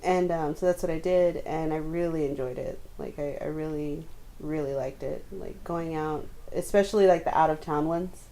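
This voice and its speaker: A woman's voice: sits low, normal speed, dark tone, low-quality recording. Chatty laughing woman. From Texas. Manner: chatty, laughing, many fillers. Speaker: podcast co-host. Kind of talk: casual chat.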